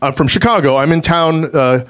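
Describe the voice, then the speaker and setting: A man voicing a calm, offbeat woman who makes a blunt proposal, in plain, matter-of-fact storytelling. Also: a little high, moderate pace, voice pushed up, close to an everyday voice. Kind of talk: storytelling, quoting another person.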